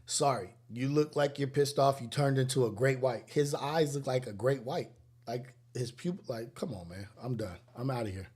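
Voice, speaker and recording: A man's voice: medium pitch, moderate pace, husky. A man in his forties with a Los Angeles accent, hosting a casual livestream chat and telling stories with frequent laughter. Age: 40s. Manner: laughs often, animated storytelling. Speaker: livestream host.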